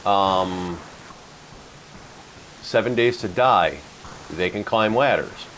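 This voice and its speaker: A man hosting a podcast, telling stories in a relaxed, joking way and poking fun at himself. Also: lowish voice, slow pace, slight background noise, rough recording. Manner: chatty storyteller, jokes about himself. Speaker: podcast host. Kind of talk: casual chat.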